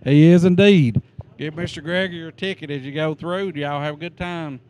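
A man's voice: a little high, fairly quick, a little mellow. Folksy man greeting arrivals. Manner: folksy, joking, friendly instructions. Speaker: greeter at the prom entrance. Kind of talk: casual on-camera greeting.

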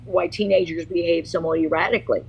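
A woman's voice: fairly low pitch, steady tone, quick pace, vocal fry, a little mellow, slight background noise, rough recording. A woman co-hosting a casual chat, agreeable and chatty. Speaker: co-host.

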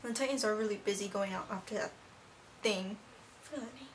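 A woman's voice: mid-range voice, a little fast, a little hiss or hum. A teenage girl casually reviewing a cartoon episode as a rambling, gushing fan. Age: teens. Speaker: video reviewer.

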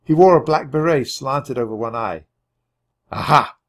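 A man reading a children's chapter book aloud with expressive, dramatic storytelling. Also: medium pitch, normal speed. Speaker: audiobook reader. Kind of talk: children's audiobook narration.

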